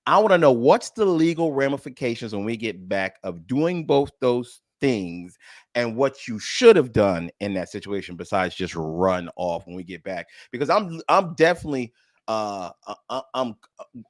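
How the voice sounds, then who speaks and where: Male radio co-host, lively delivery, dry studio sound, casual and jokey. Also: medium pitch, normal speed, dry recording. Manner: laughs loudly, says bro a lot.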